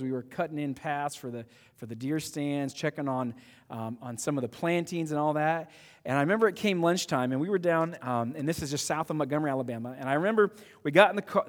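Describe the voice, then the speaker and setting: A man's voice: on the high side, in a large hall. A man preaching a sermon as pastor, praying and then telling a story in a conversational way with frequent restarts.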